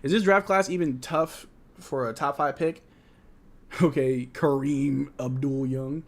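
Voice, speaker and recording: A man hosting a live basketball watch-along, calling plays with excitement and chatting casually about the team. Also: mid-range voice, slow. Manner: casual, excitable play-by-play mixed with candid fan opinions. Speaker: fan livestream host.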